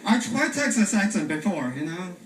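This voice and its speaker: A man from China with a Chinese accent, doing a stand-up comedy set in a deadpan way with frequent "uh" pauses. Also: sits high. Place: comedy stage before a live audience. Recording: echoey stage from far off with loud room noise.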